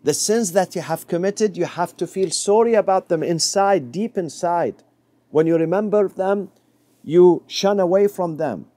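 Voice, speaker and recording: A middle-aged man preaching a sermon, telling a story and dropping to a soft low voice for quoted words. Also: moderate pace, dry recording.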